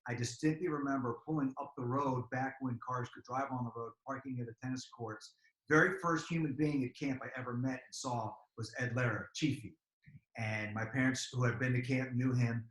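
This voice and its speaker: A man's voice: mid-range voice, moderate pace. Man, 50s, alumnus guest, nostalgic storytelling, roomy echo. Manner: animated when recalling cheers. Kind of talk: reminiscing interview answers. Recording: echoey room.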